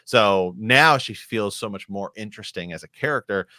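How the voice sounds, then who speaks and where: A man co-hosting a podcast, chatting casually as he reviews a TV episode, animated and acting out characters' lines. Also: fairly low pitch, no echo, clean studio sound. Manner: animated, quick bursts, acts out characters' lines. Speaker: podcast co-host.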